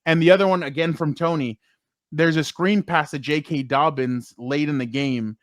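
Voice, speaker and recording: A man co-hosting a sports podcast, telling excited stories from the locker room and quoting players in a casual, chatty way. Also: fairly high pitch, normal speed, no room sound, studio quality. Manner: excited storytelling, quotes players. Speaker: sports podcast co-host and reporter.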